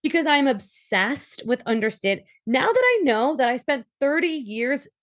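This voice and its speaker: This high-voiced guest is a woman in her thirties from New York with the accent to match. In a relaxed interview she speaks in lively bursts, often restarting and tossing in quoted asides.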